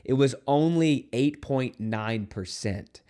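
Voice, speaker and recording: A man's voice: medium pitch, animated, takes it slowly, dark tone, smooth. A man who is a Catholic priest, giving an earnest, conversational video homily to camera with playful asides. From United States.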